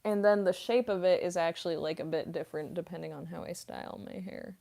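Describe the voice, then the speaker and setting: A woman in her mid-twenties chatting casually on a livestream, soft-spoken and rambling, with lots of fillers and little giggles. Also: lowish voice, fairly quick, creaky. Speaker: voice actress streamer. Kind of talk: casual livestream chat reading comments.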